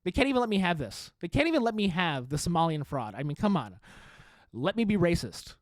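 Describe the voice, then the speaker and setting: A man's voice: high-pitched, sing-song, brisk, no echo. A man hosting a solo podcast, talking in a sarcastic, self-mocking way with frequent swearing and laughter. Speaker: podcast host. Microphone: studio microphone.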